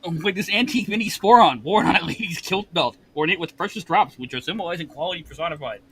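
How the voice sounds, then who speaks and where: A man's voice: fairly high pitch, lively intonation, fast talker, a bit bright, a little hiss or hum, rough recording. A man hosting a casual whiskey tasting, reading labels aloud and laughing often. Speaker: whiskey lounge host.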